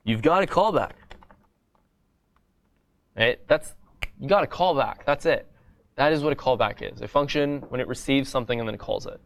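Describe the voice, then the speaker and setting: A man's voice: mid-range voice, moderate pace, gravelly, long pauses, a bit bright. Casual man teaching a coding class. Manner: casual, repeats "right?" often, explains step by step. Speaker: coding bootcamp instructor. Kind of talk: live coding lecture.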